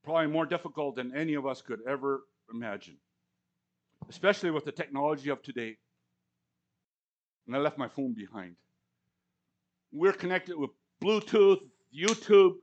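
A male pastor delivers a lively sermon, his voice rising and falling through acted-out quotes. His pitch sits a little high for a man, and he talks in a chatty, storytelling way with frequent restarts. He speaks to a congregation at a church service. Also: normal speed, long pauses, lo-fi sound. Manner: conversational, anecdotal, with stammered restarts and acted-out quotes.

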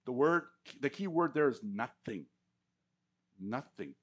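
A man's voice: medium pitch, animated, unhurried, long pauses. A man preaching a sermon to a congregation, conversational and anecdotal, often stammering and acting out quoted lines. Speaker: pastor. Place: church service before a congregation.

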